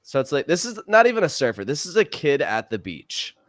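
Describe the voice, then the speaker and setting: A young man co-hosting a podcast, chatting casually in an energetic, playful way. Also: a little high, fairly quick. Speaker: podcast co-host.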